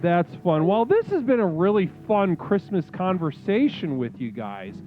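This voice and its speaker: A man's voice: high-pitched, big pitch swings, moderate pace. A man with a Chicago accent hosting a comedic call-in stream, rambling and stammering over repeated words. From Chicago area, US. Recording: tinny phone-like audio, faint music.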